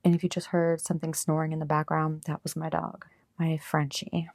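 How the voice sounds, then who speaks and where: A woman's voice: deep voice, monotone, a little fast, vocal fry, a little mellow, no echo, clean studio sound. A woman podcaster chatting casually and rambling, with lots of filler words. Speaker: podcaster and YouTuber. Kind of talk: casual chat.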